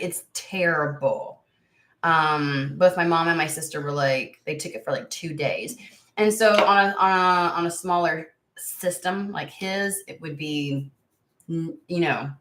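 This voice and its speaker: Chatty middle-aged woman, bright echoey voice. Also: sits low. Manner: chatty, blunt, talks to chat by name. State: recovering from illness, voice still affected. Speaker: tarot channel host. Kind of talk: casual livestream chat with viewers.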